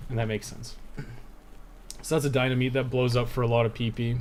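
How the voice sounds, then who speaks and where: A man's voice: mid-range voice, steady tone, racing. A young man giving casual live-stream commentary over his speedrun at home, thinking aloud with lots of fillers. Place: home room.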